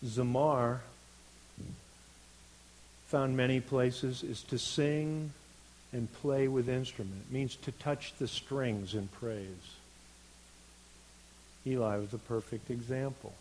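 A man delivers a sermon at a slow, deliberate pace, his voice sitting at an ordinary middle pitch. He speaks earnestly and lets his emphasis swell on the words he wants to land. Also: steady tone, darkish tone, low-quality recording. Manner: earnest, unhurried, builds to emphatic stresses. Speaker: preacher.

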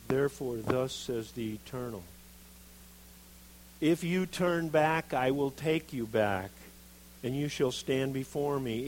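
Male preacher, sermon, animated delivery, slightly high voice, faint hum behind. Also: rough recording. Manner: animated, acts out quoted voices of Jeremiah and God. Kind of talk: sermon, reading scripture with commentary.

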